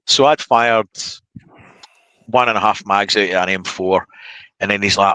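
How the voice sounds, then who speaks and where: A man's voice: fairly low pitch, moderate pace, pauses often, dry recording. A man, a guest in a casual chat, telling stories loosely with fillers. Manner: relaxed storytelling with fillers.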